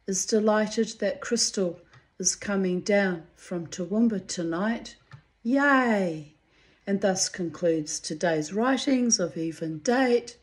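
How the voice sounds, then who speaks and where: A woman, reading her old diary entries aloud to her viewers and breaking off into candid, chatty asides, clearing her throat now and then. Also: mid-range voice, dark tone. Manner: candid, muses aloud, swears freely, frequent throat-clearing.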